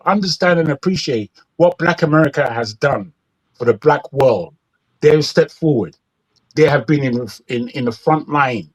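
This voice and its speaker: A man's voice: a little high, low-quality recording. A British-accented man riffs through an opinionated talk show monologue, rambling and circling back on himself, hammering words over and over when he gets heated. His voice sits a little above the usual male range. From Britain. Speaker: news talk show host. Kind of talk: opinionated live commentary.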